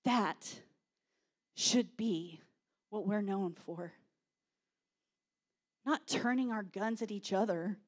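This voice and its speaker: A woman pastor, preaching a sermon with animated storytelling and shouted quotes. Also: medium pitch, slow pace, long pauses.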